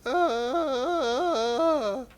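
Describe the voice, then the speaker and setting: A man's voice: very high voice, extremely slow, slight background noise. A man chatting casually while streaming a train simulator, rambling off into asides. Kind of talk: casual gameplay commentary.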